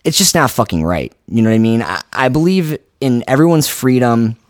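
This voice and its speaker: A man's voice: medium pitch, expressive, brisk, dry recording, clean studio sound. A man co-hosting a podcast who rants in a heated, emphatic way and swears often. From United States. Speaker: podcast co-host. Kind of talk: casual podcast rant.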